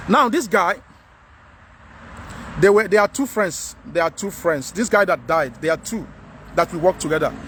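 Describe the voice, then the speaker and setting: A high-voiced Nigerian man speaks straight to his followers in a frank, preachy vlog. He repeats his points to drive them home. Faint outdoor traffic noise sits behind his phone recording. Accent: Nigerian English. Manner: earnest, preachy, repeats himself. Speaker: vlogger. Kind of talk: frank monologue to camera.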